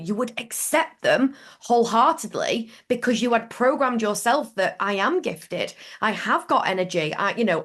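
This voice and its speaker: Chatty woman, animated and candid. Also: fairly high pitch. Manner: animated, acts out imagined inner thoughts, casual swearing. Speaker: podcast co-host. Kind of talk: casual spiritual business chat.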